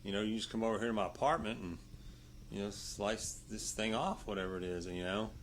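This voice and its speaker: A man's voice: fairly low pitch, fairly even intonation, fairly quick, slight background noise. A man telling rambling, profane stories in a casual interview, tagging nearly every line with "you know" and "right". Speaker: interview guest. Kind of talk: casual storytelling.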